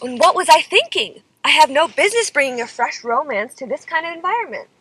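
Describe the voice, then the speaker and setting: Young woman venting her love drama, high voice all over the place, super exasperated. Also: lively intonation, a little fast, fairly bright tone, poor audio. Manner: dramatic, exasperated, lots of "like" and "okay?". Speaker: singer telling a personal story. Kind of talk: confessional storytelling vlog.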